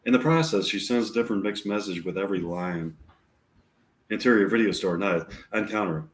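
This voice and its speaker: A man reading his own screenplays aloud and introducing the scenes, stopping and restarting as he goes. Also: on the low side. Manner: rambling, halting restarts. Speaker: amateur screenwriter. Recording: echoey room.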